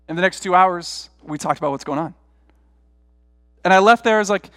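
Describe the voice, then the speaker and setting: A man's voice: high voice, a little fast, pauses often, a bit bright, no echo, studio quality, in a large hall. A middle-aged man, a pastor, preaching a sermon through rambling, self-deprecating personal stories in a conversational way.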